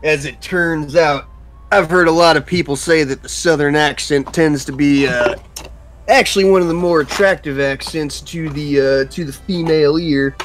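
A man's voice: fairly high pitch, moderate pace. A man streaming a video game with friends, talking casually in a blunt, sweary way and explaining the game as he goes. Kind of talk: casual gaming commentary with friends. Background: game music.

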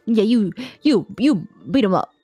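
A woman's voice: medium pitch, lively intonation, unhurried, dark tone, slightly rough, dry recording, soft background music. A bubbly woman playing a video game with a friend, giggling and playful. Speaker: co-player. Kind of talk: casual game chat.

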